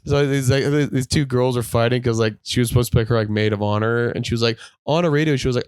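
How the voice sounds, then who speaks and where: Man, podcast host, casual rambling chat, lots of "like", acts out quotes, mid pitch, dry close sound. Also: steady tone, fast talker, hardly any pauses, darkish tone, smooth, dry recording. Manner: rambling, heavy use of "like"; acts out quoted voices while retelling.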